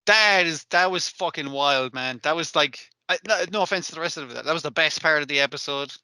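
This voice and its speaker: Bright, sweary podcast co-host. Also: male voice, on the high side, a little fast, smooth, no echo. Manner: sweary, animated retelling with quoted voices. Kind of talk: casual chat. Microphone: remote call mic.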